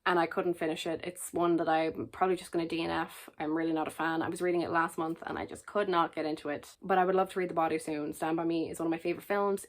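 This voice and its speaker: A woman talking casually to the camera as a book reviewer, chatty, jokey and enthusiastic. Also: fairly low pitch.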